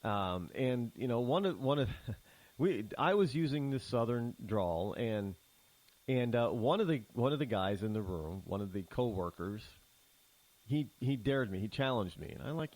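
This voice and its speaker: Animated, sarcastic middle-aged male talk host. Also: mid-range voice, normal speed, dry recording, poor audio. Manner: sarcastic, combative, rambling with restarts. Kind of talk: opinionated talk radio monologue.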